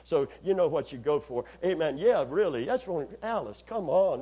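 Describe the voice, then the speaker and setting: Folksy husky-voiced preacher man. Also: fairly high pitch, lively intonation, normal speed, dark tone. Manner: folksy, joking, repeats words. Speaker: pastor. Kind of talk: sermon.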